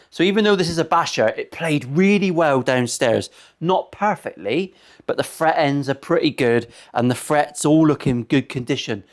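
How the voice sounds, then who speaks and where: A man, a luthier talking casually as he works on a guitar in his workshop, rambling into crude, sweary jokes. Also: fairly high pitch. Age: 40s. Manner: chatty, crude, rambling banter with frequent swearing.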